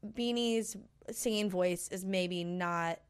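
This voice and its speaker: A woman's voice: mid-range voice, slow, clean tone. A woman co-hosting a podcast, telling gossip in a casual chat with lots of "like" and "um". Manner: chatty, many fillers like "like".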